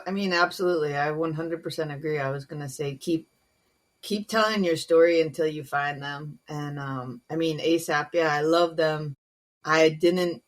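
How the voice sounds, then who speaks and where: A woman, a naval officer and comedian, speaking frankly and earnestly as a podcast guest, with many um and you know asides. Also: sits low. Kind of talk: candid podcast conversation.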